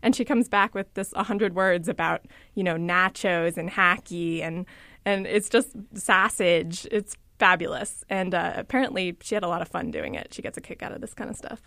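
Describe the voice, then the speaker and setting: A woman presenting in a conversational way, animated and quoting others with relish. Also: on the low side, moderate pace, creaky, no echo, studio quality. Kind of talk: conversational storytelling.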